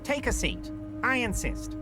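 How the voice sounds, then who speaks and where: An oily, pompous union boss. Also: male voice, extremely high pitch, wildly swooping pitch, unhurried, heavily acted. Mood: smooth. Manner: genial, smooth and manipulative. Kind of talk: video game voice acting. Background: game music.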